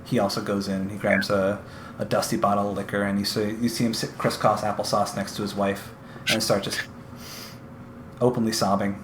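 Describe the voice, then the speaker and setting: A man running a tabletop game as game master, narrating in a halting way with many fillers. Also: fairly low pitch, little pitch movement, reverberant, background noise.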